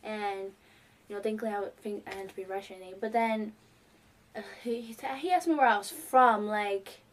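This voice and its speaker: A teenage girl excitedly telling a rambling fan story, full of fillers. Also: medium pitch, a little fast. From New York. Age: teens. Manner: gushing, rambling, many fillers. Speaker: fan vlogger.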